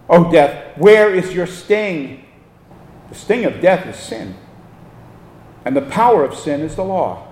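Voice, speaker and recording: A man preaching a sermon as a pastor, slow and deliberate, with emphatic pauses. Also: a little high, a little mellow, reverberant, in a large hall.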